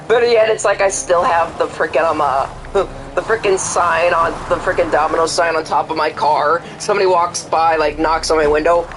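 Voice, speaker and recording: A man's voice: a little high, fairly even intonation, moderate pace, noisy background. A young man streaming a game, chatting casually and rambling, swearing a lot and acting out both sides of conversations. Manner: rambling, profane, acts out quoted exchanges. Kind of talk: casual chat while gaming.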